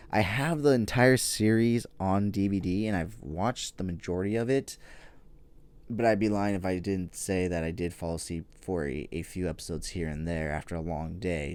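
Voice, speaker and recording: A man's voice: low voice, darkish tone, smooth. A man hosting a toy news podcast, chatting casually and rambling with frequent fillers and casual swearing. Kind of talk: casual solo podcast chat.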